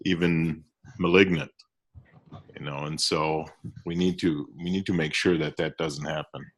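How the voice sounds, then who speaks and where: A man on a casual business call with a very deep, low voice. He speaks earnestly, pausing on fillers as he gathers his thoughts.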